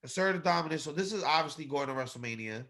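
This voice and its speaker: A man co-hosting a podcast, chatting casually and bluntly about a wrestling show, animated and quick to mock. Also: on the high side. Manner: blunt, animated, swears, mocking. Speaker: podcast co-host. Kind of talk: casual wrestling review chat.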